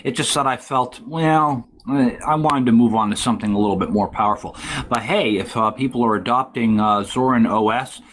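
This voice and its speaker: A man hosting a casual tech talk show, rambling and halting with many fillers. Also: mid-range voice, a little hiss or hum. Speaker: podcast host.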